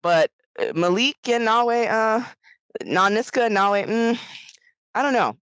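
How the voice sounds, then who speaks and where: A woman co-hosting a podcast, chatting casually about a film, animated and laughing often as she acts out lines. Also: a little high, a little slow, smooth, no room sound, low-quality recording. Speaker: podcast co-host. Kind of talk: casual film review chat.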